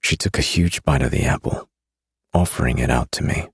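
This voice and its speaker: A man narrating a dark fantasy audiobook in the first person, with a steady, grim delivery. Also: a bass voice, fairly quick, vocal fry, husky, dry recording, clean studio sound.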